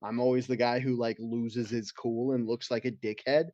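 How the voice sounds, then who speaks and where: A man's voice: mid-range voice, flat delivery, moderate pace, a little mellow, no echo, highs cut off. A man co-hosting a comedy podcast who tells work anecdotes and jokes around, often doing silly voices. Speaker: podcast co-host. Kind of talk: casual comedic chat.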